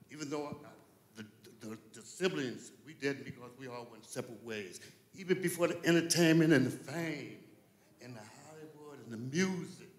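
A man's voice: a little high, fairly bright tone. A man giving a rambling, heartfelt eulogy at a funeral, repeating himself and apologizing as he goes. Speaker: family friend giving a eulogy. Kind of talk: emotional spoken tribute. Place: church. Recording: echoey church sanctuary.

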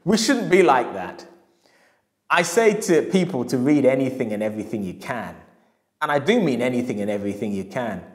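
A man's voice: medium pitch, animated, normal speed. A middle-aged male historian giving a public lecture, with emphatic repetition and acted quotes when he tells a story. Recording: echoey hall.

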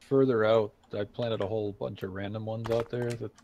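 A man gaming with friends over voice chat, speaking in a relaxed, matter-of-fact way. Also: lowish voice, moderate pace, a crowd in the background. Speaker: game player. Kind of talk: casual voice-chat banter while gaming.

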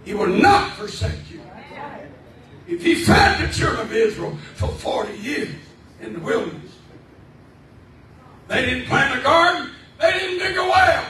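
A man preaches a revival sermon in a very high, swooping voice, shouting and crying out praise between lines. He is heard from a distance in a booming, echoey church hall, with a congregation murmuring around him. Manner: fervent, shouting preaching with repeated praise cries. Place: church sanctuary.

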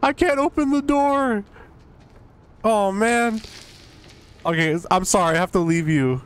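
A man streaming a horror game, yelping, swearing and apologizing to his teammates, then musing calmly on the game. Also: sits high, unhurried, smooth. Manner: calm, musing commentary. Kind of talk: live game commentary. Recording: faint background noise.

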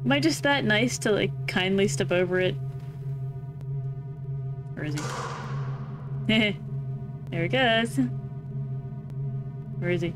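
A woman streamer chats casually over her game, cracking jokes, swearing freely and breaking into frequent laughter. Her pace is slow and relaxed. Game music plays clearly in the background. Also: medium pitch. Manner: laughing, swearing, joking asides. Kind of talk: casual let's-play commentary.

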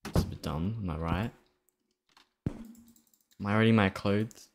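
A man's voice: on the low side, moderate pace, heavy background noise. A man doing let's play commentary on a horror game, jumpy and nervous, talking back to the characters with nervous laughs. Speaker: game streamer.

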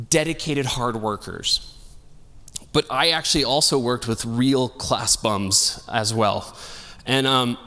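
A man's voice: mid-range voice, fairly bright tone, long reverb tail. A male pastor giving a sermon in a casual, humorous, storytelling way. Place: church sanctuary.

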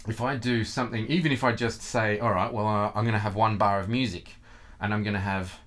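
Male guitar tutor, low voice, casual and self-deprecating, a light hiss in the background. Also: fairly even intonation, a little fast, fairly bright tone. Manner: chatty, self-mocking, sings rhythms with nonsense syllables. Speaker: guitar teacher. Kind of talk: casual video lesson.

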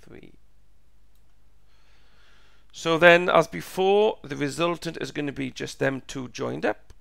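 A man teaching a step-by-step physics lesson, slow and patient, repeating each step, his voice croaky and going hoarse. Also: on the high side, a bit bright, dry recording, studio quality. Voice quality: gravelly, croaky.

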